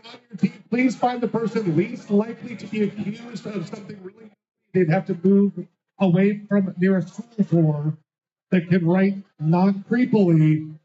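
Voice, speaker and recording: A man's voice: high voice, dark tone. A man hosting a live trivia night, reading out answers with a teasing, sarcastic manner. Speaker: trivia host. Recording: dull lo-fi sound.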